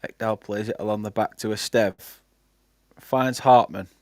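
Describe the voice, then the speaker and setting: A man's voice: on the low side, steady tone, unhurried, darkish tone, no echo, studio quality. A young man from England with a Lancashire accent, hosting a live football watchalong, calling the play and chatting with viewers. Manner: chatty, reads out viewer comments between play-by-play. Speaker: fan channel host doing live match commentary. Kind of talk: casual live watchalong commentary.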